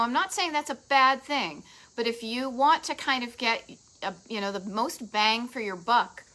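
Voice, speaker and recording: Middle-aged Boston woman, upbeat live-stream host, bright lively voice, chatty. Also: on the high side, low-quality recording. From Massachusetts. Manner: bubbly, chatty, quick asides to viewers. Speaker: host of a live travel show. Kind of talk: casual live-stream chat.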